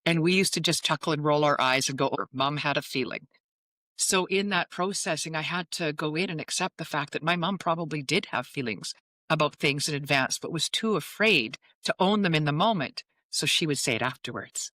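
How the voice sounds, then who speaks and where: Bright, animated woman telling a story. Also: deep voice, fairly quick, no echo. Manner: animated storyteller who acts out quoted dialogue. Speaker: guest, psychic medium. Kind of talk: personal storytelling in an interview.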